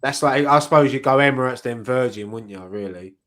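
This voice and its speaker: A man's voice: mid-range voice, a little fast, a bit bright. A man chatting easily with friends, swearing offhandedly. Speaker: fan channel co-host. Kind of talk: casual pub chat.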